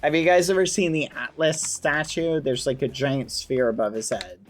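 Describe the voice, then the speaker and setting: A man's voice: fairly high pitch, fairly even intonation, moderate pace, soft background music. A man live-streaming a game, talking straight to his chat and swapping swear words for clean ones.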